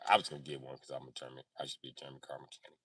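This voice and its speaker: A man's voice: extremely low pitch, level tone, racing, fairly bright tone, husky, no room sound. A man chatting on a livestream, joking and cursing in a rambling way. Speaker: livestream host. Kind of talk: casual livestream chat.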